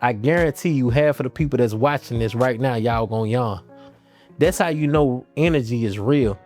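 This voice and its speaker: A man's voice: medium pitch, moderate pace, a little mellow. Rambling man talking loosely to camera. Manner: rambling, restarts often, loose slangy talk. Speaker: channel host. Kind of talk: casual monologue to camera. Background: faint guitar music.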